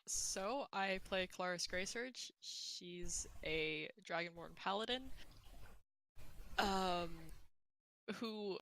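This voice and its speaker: A woman's voice: on the low side, drawn-out words, fairly bright tone, a little hiss or hum. A young adult woman introducing her character in a casual tabletop game chat, rambling and thinking aloud as she goes.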